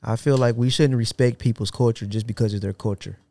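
A man's voice: mid-range voice, a little fast, no room sound. Blunt male podcast co-host, dry close sound. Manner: blunt, animated, laughs often. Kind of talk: casual chat.

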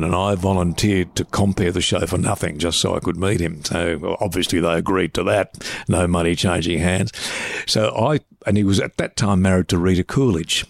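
A man's voice: low voice, creaky, no echo. A man in his seventies with an Australian accent, a veteran broadcaster telling stories in a casual interview with repetitions and restarts. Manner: animated anecdotes with repetitions and restarts. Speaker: veteran radio and TV broadcaster, guest.

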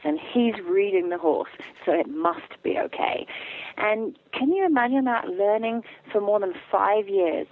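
A woman guest talking casually in an interview, telling stories with lively acted-out quotes. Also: medium pitch, normal speed. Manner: animated storyteller, acts out quotes. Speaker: guest, animal communicator. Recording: tinny phone line, dry.

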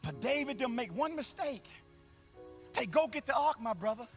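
High-pitched, animated preaching man. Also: normal speed, soft background music. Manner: call-and-response, sing-song preaching with swells to shouting; folksy, colloquial phrasing. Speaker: pastor. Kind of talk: preaching a sermon. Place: church sanctuary, live service.

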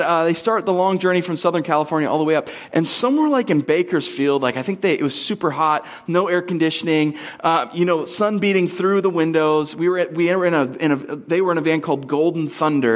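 During a sermon, a man in his thirties shares a family anecdote in a casual way, now and then adopting a high, squeaky voice for impressions.

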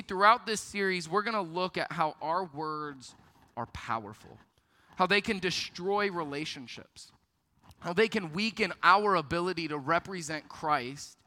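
Young male youth pastor, bright forceful voice, playful storyteller. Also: a little high. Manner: storytelling, lively, self-deprecating. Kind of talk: youth ministry sermon. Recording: long hall reverb.

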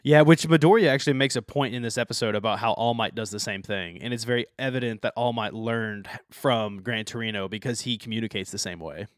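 A man co-hosting a casual podcast chat, an animated storyteller who retells scenes and laughs often. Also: on the low side, fast, few pauses, dry recording, studio quality. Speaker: podcast co-host. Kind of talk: casual chat recapping anime episodes.

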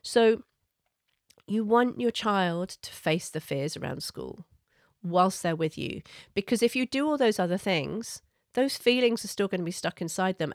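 A woman giving parenting advice in a gentle, earnest, explanatory way. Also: mid-range voice, dry recording, clean studio sound. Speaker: parenting coach.

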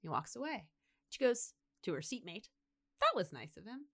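Bright, animated woman retelling a story. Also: mid-range voice, moderate pace, gravelly. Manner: animated storyteller acting out quotes, lots of "like". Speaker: podcast co-host. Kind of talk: casual comedic retelling.

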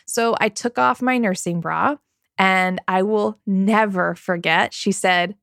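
A woman's voice: medium pitch, slow pace, vocal fry, a bit bright, dry recording. Chatty woman podcast host, dry sound. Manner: candid, chatty, confiding with listeners. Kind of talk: personal story on a parenting podcast. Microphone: studio microphone.

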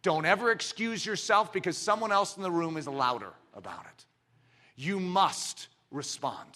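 A middle-aged man preaching a sermon with passion, moving from quiet, close talk to shouting. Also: sits high, animated, moderate pace. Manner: impassioned, swings from quiet intimacy to shouting.

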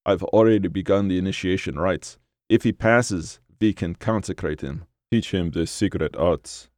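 A man voicing a magician with a grainy voice who speaks low, relaxed and in control, in an audiobook reading. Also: moderate pace, no room sound, clean studio sound, lightly acted. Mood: calm.

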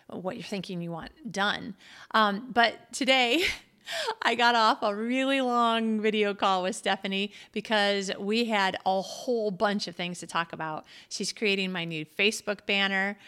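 A woman's voice: medium pitch, pushed and bright, clear, resonant tone. A woman from the United States talking casually in a solo monologue, chatty and self-deprecating, laughing often. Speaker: podcast host and author.

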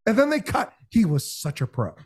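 A man telling a story in casual podcast talk, animated and full of imitated voices. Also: high voice, normal speed, slightly rough. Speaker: podcast guest, game show host.

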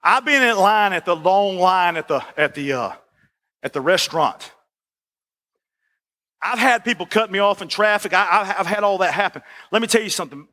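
A man preaching a sermon as the pastor, folksy and animated, repeating "listen" and asking for "amen". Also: high voice, moderate pace.

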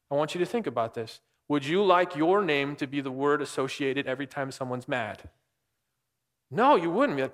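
Man preaching in a reverberant hall. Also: mid-range voice. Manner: conversational, asks the room questions. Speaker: pastor. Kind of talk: sermon.

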